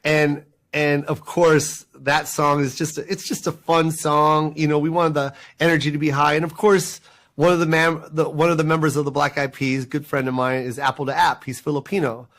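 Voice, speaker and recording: A middle-aged man, a guest in a casual interview, telling stories in an animated, quick way and laughing often. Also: a little high. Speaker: interview guest, comedian and filmmaker.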